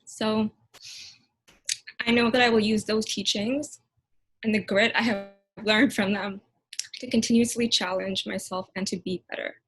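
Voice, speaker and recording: A woman in her twenties gives a heartfelt, earnest speech as a new lawyer. She talks over a video call at a middle pitch. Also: steady tone, a little slow, long pauses, a bit bright, breathy edge, low-quality recording. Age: 20s. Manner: earnest, emotional, laughs now and then.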